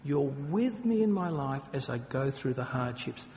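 A man's voice: animated, measured pace, a little mellow. A man preaching a sermon, speaking earnestly and slipping into dramatic acted quotes. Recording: long hall reverb, faint rumble.

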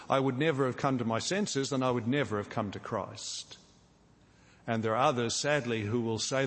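A man preaching a sermon, earnest and deliberate, slowing down for emphasis and acting out imagined scenes. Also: mid-range voice. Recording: long hall reverb.

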